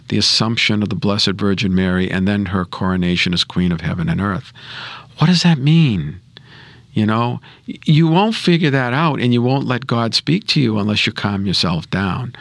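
A man's voice: on the low side, vocal fry, fairly bright tone, no room sound. A man giving an earnest, conversational reflection on scripture and prayer, often repeating words and saying "you know.". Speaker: co-host of a Catholic scripture reflection show.

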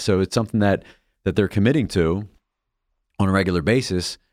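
A man with a low, gravelly voice tells a story in casual talk, restarting phrases and slipping into the voices of the people he quotes. He sounds close and dry on the mic, with no room around him. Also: darkish tone, no echo. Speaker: co-host of a faith reflection show.

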